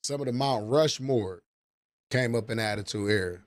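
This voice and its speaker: Reminiscing on his livestream, this forty-something host talks in a medium-pitched voice at normal speed, with no room sound. His casual chat is profane, meandering, and full of nostalgic stories.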